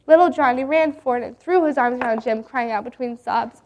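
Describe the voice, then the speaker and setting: A woman reading a Bible story aloud in an earnest, gentle way. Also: high-pitched, a little fast, lo-fi sound.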